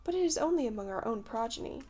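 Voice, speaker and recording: A woman's voice: fairly high pitch, expressive, fast, a little mellow, lightly acted. A woman voicing a prim, motherly girl who scolds a crowd of boys, in a storybook reading. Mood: fond.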